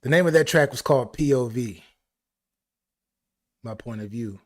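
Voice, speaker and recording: A man hosting a live album reaction stream, talking excitedly and repeating phrases. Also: mid-range voice, moderate pace. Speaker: music reaction host.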